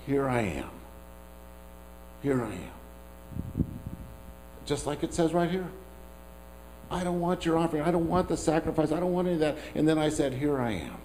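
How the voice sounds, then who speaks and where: A man's voice: fairly high pitch, darkish tone, a little hiss or hum, rough recording. A man preaching a sermon as pastor, talking in a conversational, self-deprecating way with asides to the congregation.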